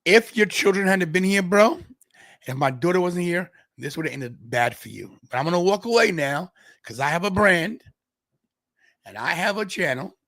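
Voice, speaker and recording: Animated Brooklyn man telling a story. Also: sits high, dry recording, studio quality. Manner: acts out other people's lines in quick voices. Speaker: podcast host.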